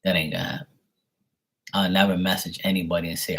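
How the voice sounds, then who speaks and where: Husky lowish-voiced guy, blunt and sweary, from bermuda, rants about scammers. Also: steady tone, normal speed, pauses often, a bit bright. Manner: profane, blunt and mocking, acts out voices. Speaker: tarot reader. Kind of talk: casual ranting monologue.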